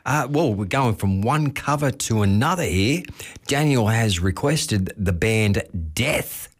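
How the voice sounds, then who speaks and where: Australian male radio host, lowish voice, laid-back request-show chat. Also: unhurried. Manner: relaxed, chuckling, reads out requests.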